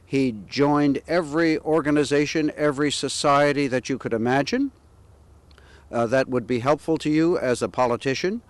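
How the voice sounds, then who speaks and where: A man tells stories of old local politicians, pausing often on "uh" as he recalls dates and names. His voice sits at an ordinary male pitch and is recorded dry, with little room sound. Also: no room sound. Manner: measured, anecdotal with frequent "uh" pauses. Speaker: local historian. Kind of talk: historical storytelling.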